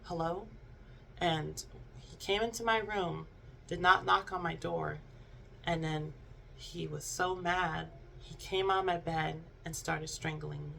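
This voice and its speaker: A young adult vlogger telling a personal story in a halting, subdued way, with many restarts and fillers. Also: mid-range voice, steady tone, vocal fry, bright, forceful tone, a little hiss or hum. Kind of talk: unscripted storytime monologue.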